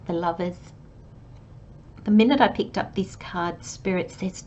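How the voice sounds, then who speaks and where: A woman giving a channelled tarot reading, talking in a gentle, chatty way and acting out little imagined conversations. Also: fairly low pitch, measured pace. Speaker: tarot reader. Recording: slightly dull, faint background hiss.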